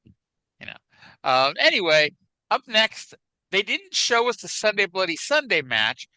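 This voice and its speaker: A man's voice: high voice, very animated, unhurried, pushed and bright, no room sound, poor audio. A man co-hosting a wrestling podcast in casual chat, wry and chatty with hedging asides, on a close mic. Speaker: podcast co-host.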